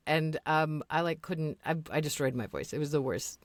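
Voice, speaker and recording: A woman's voice: low voice, moderate pace, hardly any pauses, dry recording. A woman voice actor chatting casually as a podcast guest, acting out quotes as she tells stories. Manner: animated storyteller who acts out quotes.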